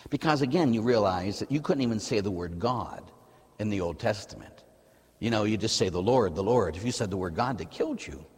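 Middle-aged American priest, husky, lively, sermon with a long church echo. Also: male voice, mid-range voice. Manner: lively, conversational preaching, asks the audience "huh?".

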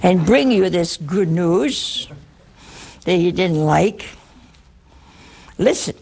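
A woman preacher voicing a stern, commanding male archangel in solemn, slow pronouncements. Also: fairly low pitch, expressive, creaky, darkish tone, a little hiss or hum, full character voice.

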